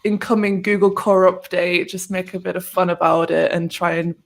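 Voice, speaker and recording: A woman's voice: on the low side, steady tone, vocal fry. Chatty Northern English woman on a call. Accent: Northern English, near Manchester. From Northern England. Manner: friendly, chatty, quick to laugh. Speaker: guest speaker. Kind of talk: casual webinar interview. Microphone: video call.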